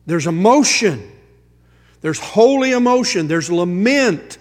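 A man preaching a sermon as pastor, quoting scripture and building to emphatic high points. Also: lively intonation, slow pace, long reverb tail.

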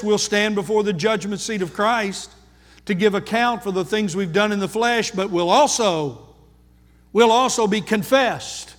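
A man preaching a sermon, emphatic, repeating key phrases for stress. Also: high-pitched. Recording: long hall reverb.

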